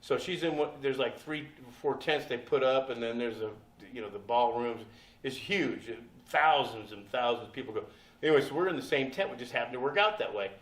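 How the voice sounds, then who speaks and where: A man's voice: medium pitch, fairly quick, a bit bright. Profane older man telling stories. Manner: profane, laughing, acts out the people in his story. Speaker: guest actor at a convention panel. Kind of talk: anecdotal storytelling to an audience. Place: convention panel room. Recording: echoey room from a distance.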